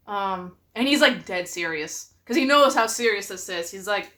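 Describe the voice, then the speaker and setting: A young woman talks to her viewers in a bright, fairly high voice. She tells funny stories about her husband in an animated way and laughs often. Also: brisk. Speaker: vlogger. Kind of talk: casual storytelling to camera.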